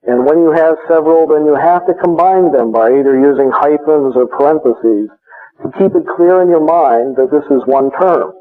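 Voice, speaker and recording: A man giving a measured classroom lecture, explaining step by step with frequent hesitations. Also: a little high. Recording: tinny phone-like recording.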